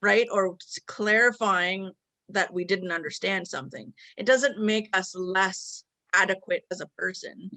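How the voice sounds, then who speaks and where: A woman's voice: mid-range voice, a little slow, bright, forceful tone, no echo. A woman hosting a casual conversation, earnestly explaining at length with quoted examples. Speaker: host.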